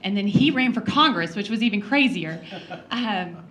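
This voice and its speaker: Woman legislator, personal speech, earnest storyteller with soft laughs and ums, middle pitch. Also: expressive, moderate pace, muffled recording. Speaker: congresswoman giving a talk. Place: breakfast event room.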